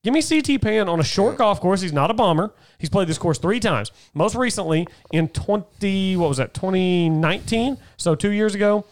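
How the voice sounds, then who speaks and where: A man's voice: sits high, lively intonation, moderate pace, hardly any pauses. A man co-hosting a golf betting podcast in casual chat, reading off stats and joking with his co-host. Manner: conversational, reads off stats, jokes with co-host.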